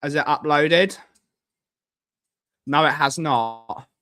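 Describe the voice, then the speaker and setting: A man chats casually on his live stream, wandering from thought to thought. He repeats his lines and cracks jokes, and his voice sits a little on the high side. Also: slow, bright, forceful tone. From United Kingdom. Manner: rambling, repeats himself, jokey.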